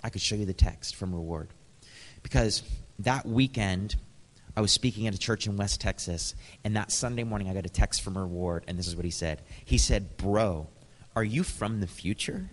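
A man preaching in a church, his voice sitting low and carried by the long reverb of a large hall. He tells stories with animated quoted dialogue, then reads scripture aloud to the congregation. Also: normal speed. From Canada. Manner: storytelling, lively, animated quotes. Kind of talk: sermon.

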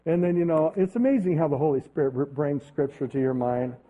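A man with a high voice preaches, easing into his message through a chatty personal story told with frequent restarts. The sound is thin and tinny, like it came through a phone line. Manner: conversational, storytelling, halting restarts. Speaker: pastor.

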